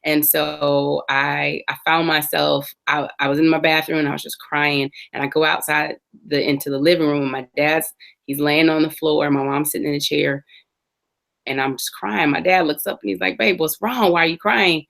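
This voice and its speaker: Guest, woman in her forties, low, warm-toned speaker, earnest and reflective, telling her life story. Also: flat delivery, normal speed, vocal fry. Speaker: interview guest. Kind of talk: personal testimony in an interview.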